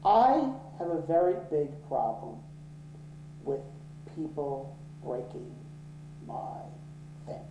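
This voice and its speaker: A man telling a story in an interview, swearing freely and getting worked up and loud when angry. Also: on the high side, sing-song, takes it slowly, long pauses, background noise. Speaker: interviewee, office owner. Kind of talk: profane, animated storytelling in an interview. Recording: roomy echo.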